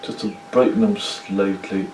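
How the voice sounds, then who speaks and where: A man's voice: deep voice, steady tone, measured pace, a little mellow, echoey room, recorded from a distance, a little hiss or hum, poor audio. A man with a Cork Irish accent giving a chatty painting lesson, often checking in with the viewer. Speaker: painting instructor. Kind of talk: casual painting tutorial.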